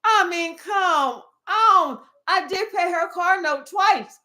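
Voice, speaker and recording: A woman voicing a petty, indignant male ex who whines, shouts and justifies himself. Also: extremely high pitch, animated, slow, pitched above the performer's own voice, exaggerated voice. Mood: self-pitying. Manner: whiny, shouting, self-justifying.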